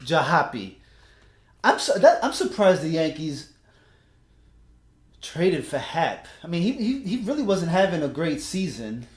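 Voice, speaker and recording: A man in his thirties with a New York accent, co-hosting a casual sports podcast in a laid-back, laughing way with halting restarts. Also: on the high side, sing-song, roomy sound. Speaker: podcast co-host.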